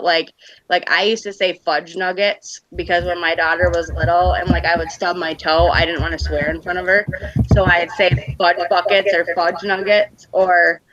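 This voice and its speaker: A woman in her thirties hosts a casual livestream chat, rambling from one story to the next. Her voice sits low for a woman yet sounds bright and forward. The audio is dry and dull, like a lo-fi stream feed. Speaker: livestream host.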